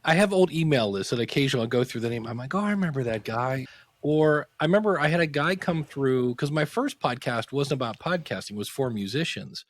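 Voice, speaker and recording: A middle-aged man, a podcasting teacher, telling anecdotes in a casual interview and acting out quotes with sudden pitch jumps. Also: expressive, fast talker, hardly any pauses, no room sound.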